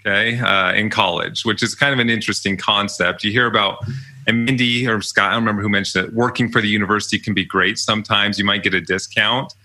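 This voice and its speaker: A young man, a podcast guest, swaps stories about his college jobs in a casual, chatty interview, laughing often. His voice is fairly low and bright with a forceful edge, and he talks quickly with fairly even intonation.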